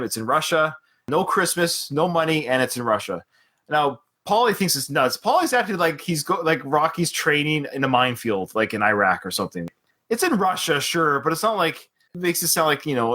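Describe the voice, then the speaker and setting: Animated Canadian podcast host. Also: male voice, medium pitch. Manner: animated, quick to laugh and quote. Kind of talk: casual chat.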